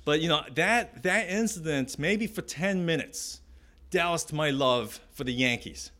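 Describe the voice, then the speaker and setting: A man giving a sermon in a casual, storytelling way, stumbling and restarting often and slipping into other people's voices. His voice is bright and sits a little high. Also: lively intonation, unhurried. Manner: storytelling with many restarts and fillers; acts out other people's lines. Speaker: pastor.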